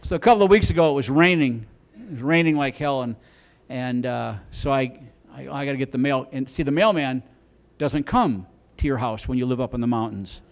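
A man's voice: medium pitch, brisk. A middle-aged man doing stand-up on a club stage, telling a rambling story with lots of stammered restarts. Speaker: stand-up comedian.

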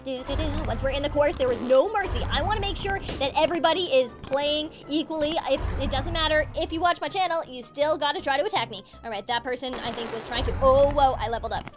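Bubbly high-voiced woman gaming. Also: fast talker, few pauses. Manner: bubbly, squealing, gasps often. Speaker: gaming channel host. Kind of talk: excited gameplay commentary. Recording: game music playing behind.

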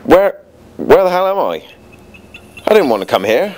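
A man's voice: medium pitch, big pitch swings, brisk, lightly acted. A man voicing a flustered, exasperated male slug office worker. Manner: exasperated, plain-spoken.

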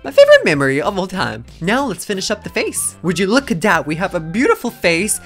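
Animated, mock-boastful woman narrating. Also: mid-range voice, fairly quick, faint music behind. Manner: playful, mock-boastful and sarcastic. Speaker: YouTube artist. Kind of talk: satirical drawing tutorial voice-over.

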